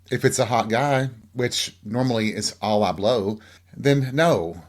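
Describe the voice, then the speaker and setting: Chatty, campy man with a low voice. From Tennessee. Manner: chatty, campy, candid storytelling. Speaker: podcast host. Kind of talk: casual solo chat.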